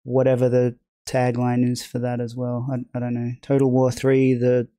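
Talking in a mellow, monotone mid-range voice at a moderate pace, a man streams a video game live, rambling and making self-deprecating jokes with his chat. No room sound is present.

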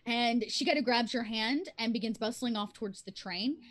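Chatty woman game master, higher voice. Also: normal speed. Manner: chatty, filler-heavy narration. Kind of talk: narrating a tabletop game.

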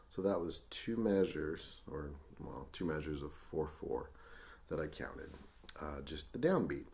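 Deep-voiced male music teacher, easygoing and chatty, demonstrating counting on camera. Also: normal speed, noisy background. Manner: relaxed, chatty explanations with ums and small laughs. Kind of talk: music lesson, demonstrating rhythm syllables.

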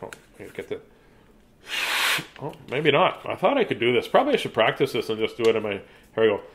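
A man's voice: mid-range voice, big pitch swings, fast talker. A man hosting a live book-reading show for children, chatting casually and playfully with viewers and breaking into silly sing-song chants and mock announcer calls. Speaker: host reading children's books on a livestream.

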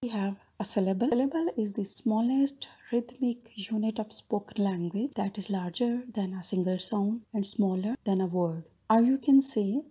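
A woman narrates a recorded linguistics lesson over slides, reading definitions at an even, explanatory pace. Her voice is warm and mellow, with a soft husky edge. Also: mid-range voice, normal speed, hardly any pauses. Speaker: linguistics lecturer.

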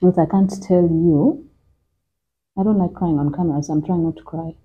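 A woman's voice: on the low side, fairly even intonation, normal speed, muffled recording. A woman with a Ugandan accent, a guest in an interview, recounting a personal story and switching between Luganda and English in a conversational way.

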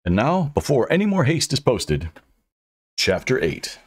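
A man narrating his own fantasy audiobook with dry humor, in a lively, scripted delivery. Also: medium pitch, unhurried, husky.

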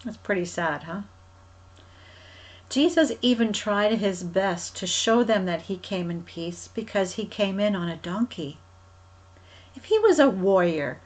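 Casting: woman as a children's ministry leader, gentle storyteller, keeps asking the kids questions, mid-pitched voice. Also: rough recording. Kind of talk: Bible story told to children.

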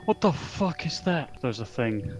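A man's voice: mid-range voice, big pitch swings, unhurried. Swearing man commentating a game. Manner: profane, joking, jumpy reactions. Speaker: gaming video host. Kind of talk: casual co-op gameplay commentary. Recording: game music in background.

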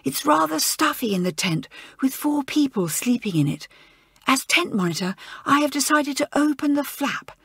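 A woman's voice: high voice, big pitch swings, moderate pace, vocal fry, a bit bright, no room sound, studio quality, pitched above the performer's own voice, heavily acted. A woman narrator voicing a prim, officious schoolgirl tent monitor who gives orders in a stern hiss.

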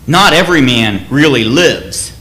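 A man voicing a defiant warrior leader who rallies his outnumbered men with slow, raised declamation. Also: mid-range voice, expressive, bright, forceful tone. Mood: rousing.

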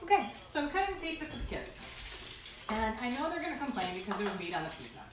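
A woman's voice: on the high side, big pitch swings, fast talker. Chatty mom rambling live from her kitchen. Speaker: mom vlogger hosting a live stream. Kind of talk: casual live-stream chat. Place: indoors at home in a condo kitchen. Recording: echoey room.

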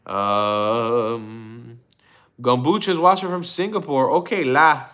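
Slow and fairly even in intonation, a man's slightly bright mid-range voice carries a casual livestream. He is tired and yawning, rambles with restarts and frequent ums, and names viewers from the chat as he greets them.

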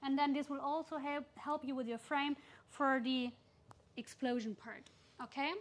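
A woman dance teacher giving clear tips to followers, often checking in with listeners. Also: high voice, level tone, normal speed. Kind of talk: instructional dance lesson.

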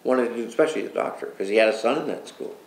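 A man's voice: mid-range voice, very fast. An older man telling a personal story as an interview guest, earnest and rambling, with repeated asides. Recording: roomy echo with faint background noise.

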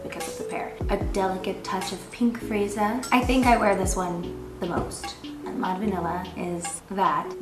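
Late-30s woman, gushing promo delivery, average pitch, roomy sound with music behind. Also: distant mic. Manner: gushing, soft-spoken. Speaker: beauty brand founder. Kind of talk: product promo talk. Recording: echoey room with music behind.

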